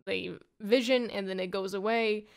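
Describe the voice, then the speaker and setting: A woman's voice: mid-range voice, steady tone, normal speed, vocal fry, clear, resonant tone. A woman giving a casual, rambling plot summary of a comic, full of "like" and "you know". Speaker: comic book reviewer.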